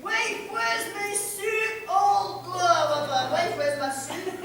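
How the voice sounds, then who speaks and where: A woman's voice: very high voice, fairly even intonation, slow, creaky, recorded from a distance, noisy background, pitched above the performer's own voice, full character voice. A woman voicing a huge, greedy male giant who bosses his wife around, in a live storytelling show. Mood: demanding. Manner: bossy, demanding. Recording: echoey room, recorded from afar.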